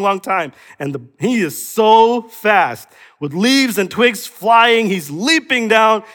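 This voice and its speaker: Animated male pastor preaching in a hall. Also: high-pitched. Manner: animated preaching, rhetorical questions, acts out voices. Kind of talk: sermon. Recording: long reverb of a large hall.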